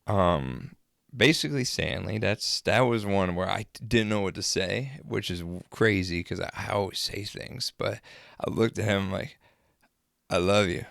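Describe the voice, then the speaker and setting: A young man casually telling rambling, crude, excitable stories to his camera. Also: fairly low pitch, a little slow, vocal fry, no echo, studio quality. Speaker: vlogger. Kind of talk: casual storytelling.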